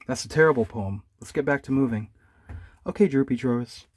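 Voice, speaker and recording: A man voicing a weary, put-upon comic character, speaking flatly and with exasperation. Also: medium pitch, fairly quick, natural voice. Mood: exasperated.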